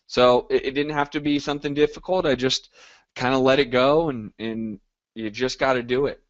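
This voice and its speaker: A man's voice: medium pitch, fairly even intonation, normal speed, muffled recording. Upbeat motivational man on a call. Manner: upbeat, motivational, reacting to chat comments by name. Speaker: coaching call host. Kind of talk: live group coaching call.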